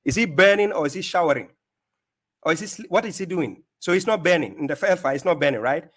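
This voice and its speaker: A man's voice: on the high side, expressive, fast talker, fairly bright tone. A man from Ghana hosting a mocking rebuttal, taunting and laughing at the speaker in the clip he plays. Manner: scornful, taunting, laughs at his opponent. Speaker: host reacting to a clip.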